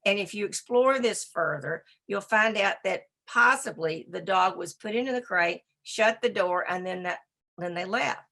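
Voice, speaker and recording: A woman giving a presentation on dog behavior, talking in a brisk, emphatic and conversational way. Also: mid-range voice, pushed and bright. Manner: talks to a slide assistant. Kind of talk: presentation lecture.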